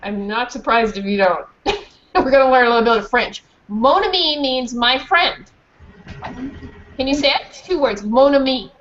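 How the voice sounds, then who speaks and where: A woman reads a children's story aloud to a class, stopping often to ask the kids questions. Her voice is fairly high and lively. The recording is muffled, with a faint hiss behind it. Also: moderate pace. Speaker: author reading to a class.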